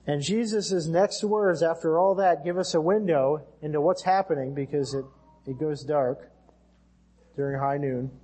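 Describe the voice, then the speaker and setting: A male pastor with an American accent delivers an earnest sermon, his voice husky and mellow. He sits a little high in pitch and climbs higher for scripture readings. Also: moderate pace.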